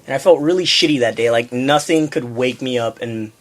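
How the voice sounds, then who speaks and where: A man's voice: mid-range voice, brisk. A young man co-hosting a casual homemade podcast, ranting profanely through a work story and mimicking the people in it. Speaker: podcast co-host. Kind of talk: casual chat.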